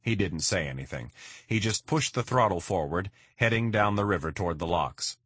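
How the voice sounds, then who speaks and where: Male first-person audiobook narrator, deep and husky, matter-of-fact. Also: lively intonation, normal speed, fairly bright tone, no echo, clean studio sound.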